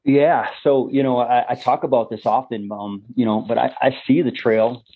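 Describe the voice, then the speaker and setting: A man telling his personal story in a candid conversation, earnest and halting with many fillers and restarts. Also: mid-range voice, fairly even intonation. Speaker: podcast guest. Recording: phone-like narrow band.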